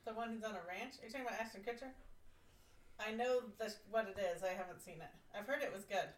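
A woman joining a casual chat with quiet, brief questions and prompts. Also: mid-range voice, fast. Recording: distant, roomy, faint ambience.

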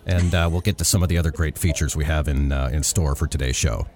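A man's voice: extremely low pitch, fast talker. A man co-hosting a podcast, talking casually with lots of ums and restarts. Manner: hesitant with many fillers, animated. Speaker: podcast co-host. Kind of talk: casual chat.

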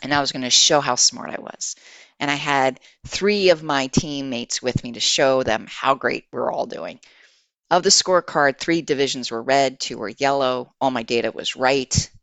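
A woman guest, an HR executive, telling a career story in an animated, conversational way. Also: extremely low pitch, moderate pace, no echo. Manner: animated, acts out quoted dialogue.

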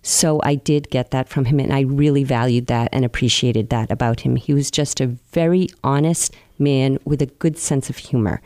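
A woman recounting her life in an interview, earnest and open, with soft pauses as she reflects. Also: very deep voice, no echo. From New England, US. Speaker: interview guest.

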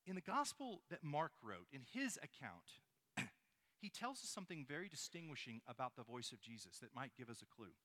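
A man's voice: mid-range voice, sing-song, moderate pace, sharp tone. A man preaching a sermon, asking his listeners rhetorical questions and reading scripture aloud. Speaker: pastor.

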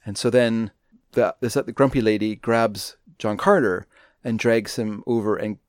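A man's voice: on the low side, steady tone, unhurried, dry recording, clean studio sound. A man co-hosting a movie podcast, chatting casually and rambling with many restarts. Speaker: podcast co-host.

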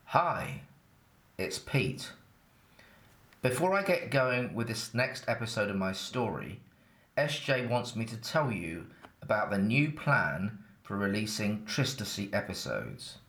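A man's voice: on the low side, sing-song, slow, a bit bright, reverberant. Chatty Englishman with an Essex twang. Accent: Essex-tinged English. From England. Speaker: narrator. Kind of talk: first-person scripted storytelling.

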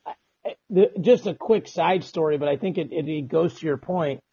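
A male sports reporter telling a quick anecdote in an interview, chatty with some stammering. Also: on the high side, mellow, breathy edge, no echo. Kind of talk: interview storytelling. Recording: dull lo-fi dry recording.

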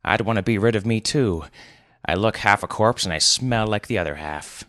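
A man voicing a bitter, sarcastic grandfather in a wheelchair, gruff in a story reading. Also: fairly low pitch, moderate pace, a bit bright, no room sound, clean studio sound, lightly acted.

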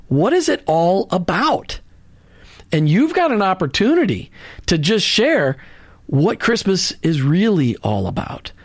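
A man's voice: sits high, dry recording. A man hosting a Christian radio talk show, speaking earnestly in a preachy way, with many restarts and asides into a studio microphone.

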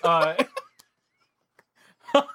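A man co-hosting a podcast in casual chat, rambling and animated, with heavy filler words. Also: extremely slow. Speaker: podcast co-host.

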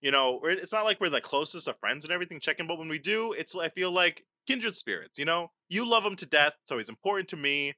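A man's voice: on the high side, animated, fast talker, few pauses, pushed and bright, no room sound, studio quality. A man hosting a podcast, talking in casual chat with theatrical mock outrage and a lot of swearing. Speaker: podcast host.

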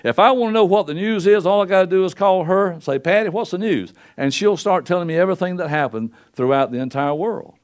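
A man's voice: quick pace, few pauses. Older man preaching folksy sermon. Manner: folksy preaching with wide swings in pitch and loudness. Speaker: pastor. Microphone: microphone at a pulpit.

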